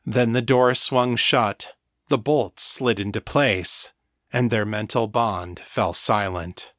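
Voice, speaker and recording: A man reading a fantasy audiobook chapter in a steady, even storytelling voice. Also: on the low side, takes it slowly, dry recording. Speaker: audiobook narrator. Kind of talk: scripted narration.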